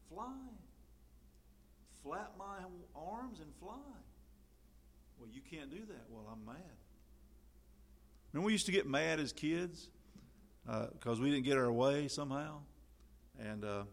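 A man preaching a sermon in a conversational way, full of fillers, getting louder when he quotes scripture. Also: mid-range voice, slight background noise.

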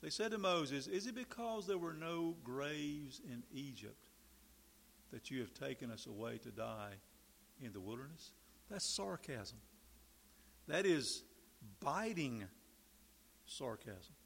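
A man's voice: a little high, animated, slow pace, gravelly, pauses often. A man preaching a sermon in a conversational way, acting out little quoted exchanges and asides as he explains the text. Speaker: pastor.

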